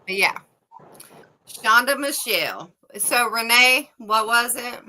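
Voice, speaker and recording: A woman, co-hosting a casual livestream chat, a loud, laughing, salty storyteller. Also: a little high, expressive, takes it slowly, a little hiss or hum, low-quality recording. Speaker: co-host.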